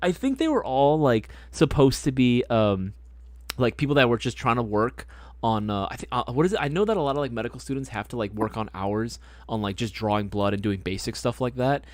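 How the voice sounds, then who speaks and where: A man hosting a casual live stream chat, telling stories in an animated way, swearing freely and laughing often. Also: mid-range voice, a little fast, no room sound. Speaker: host.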